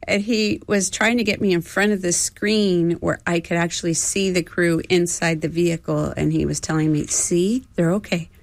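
A woman in her fifties tells her story in an earnest, emotional voice. She often stops and restarts. Her voice sits a little low, and the sound is dry and close. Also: fairly even intonation, normal speed, few pauses, no echo. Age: 50s. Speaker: astronaut crew trainer, guest. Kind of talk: reflective interview storytelling.

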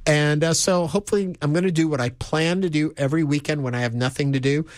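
A man's voice: a little high, fairly even intonation, fast, no echo, studio quality. A man hosting a radio talk show, chatting casually and reading listener comments aloud. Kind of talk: casual on-air chat with listeners.

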